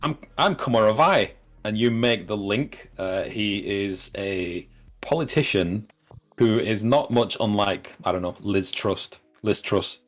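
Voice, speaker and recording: Low man narrating a game. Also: steady tone, slow. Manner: hesitant, many fillers and restarts. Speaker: game master.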